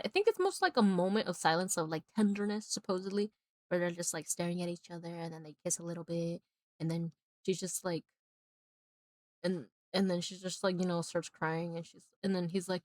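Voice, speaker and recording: A young woman streaming while she draws, retelling a film in a rambling, animated way with many fillers, and turning emphatic and indignant when she gives her opinion. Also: medium pitch, moderate pace, dry recording. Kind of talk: casual chat while drawing on a livestream.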